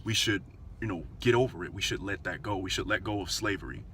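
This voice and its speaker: A man's voice: deep voice, fast talker, a bit bright, slight background noise. A man talking earnestly to his viewers in casual commentary, repeating phrases and restarting often. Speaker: vlogger.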